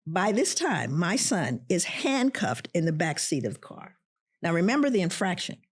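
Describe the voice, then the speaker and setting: Woman, middle-aged, podcast guest, storytelling, husky, animated, swooping intonation. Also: fairly low pitch, normal speed. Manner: animated, acts out the voices of people in her story. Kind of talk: personal storytelling in a podcast interview.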